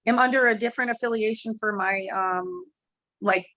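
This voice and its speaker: A woman's voice: mid-range voice, moderate pace, bright, forceful tone, dry recording, lo-fi sound. A woman MMA fighter in a casual interview, rambling, candid and swearing freely.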